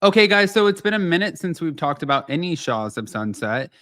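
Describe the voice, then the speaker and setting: A man hosting a casual celebrity gossip show, chatty and animated, talking straight to his viewers in a slightly nasal voice. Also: on the high side, fairly quick, no echo, studio quality. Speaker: host.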